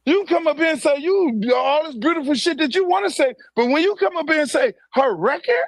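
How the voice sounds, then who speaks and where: Man with a very high, gravelly voice, dry sound, fiery profane rant, pounding rhetorical questions. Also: expressive, fairly quick, no room sound. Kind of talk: heated political rant.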